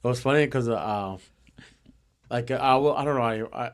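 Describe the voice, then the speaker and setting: A man's voice: medium pitch, normal speed. A man telling casual stories in slangy, profane talk and saying "fool" again and again. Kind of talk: casual storytelling.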